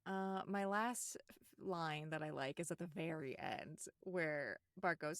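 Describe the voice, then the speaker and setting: A woman co-hosting a podcast, chatting casually about a cartoon episode, giggling often and quoting lines in quick voices. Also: low voice, no echo, studio quality. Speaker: podcast co-host.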